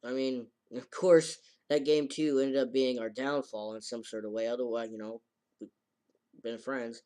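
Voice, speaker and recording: Rambling male reviewer, casual recap, halting delivery. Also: medium pitch, steady tone, warm tone. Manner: rambling, halting, with many fillers and restarts. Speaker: anime reviewer.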